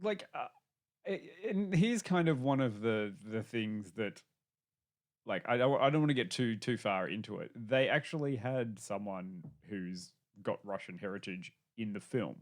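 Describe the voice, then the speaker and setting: Lively man joking on a podcast. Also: fairly low pitch, measured pace. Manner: joking, hesitant fillers. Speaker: podcast co-host. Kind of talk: casual film chat.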